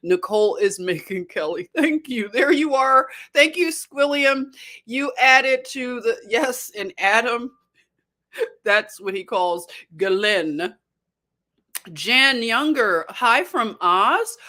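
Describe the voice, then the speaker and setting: A woman hosting a casual livestream, chatty and excitable, greeting viewers and reacting to their comments. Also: on the high side, slow pace. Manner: chatty and excitable, often laughing. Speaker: livestream host.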